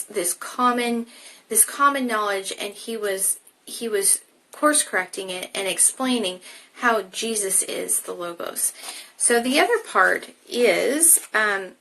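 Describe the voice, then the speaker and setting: Bright-voiced woman teaching Bible study. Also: mid-range voice, rough recording. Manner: explains casually, then reads passages aloud with restarts. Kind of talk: live-streamed Bible study.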